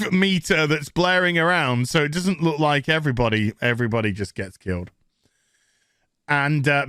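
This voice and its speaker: A man's voice: a little high, sharp tone, dry recording, studio quality. Sarcastic Northern English man ranting. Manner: mocking, crude, acts out characters in silly voices. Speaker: TV show reviewer. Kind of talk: sarcastic recap rant.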